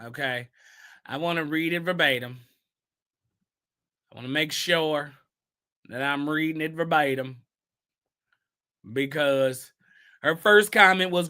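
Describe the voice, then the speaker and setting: Sassy bright-voiced gossip host. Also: male voice, a little high, slow pace, long pauses, clean tone. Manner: sassy, emphatic, rhetorical questions. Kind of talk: casual commentary, reading posts aloud.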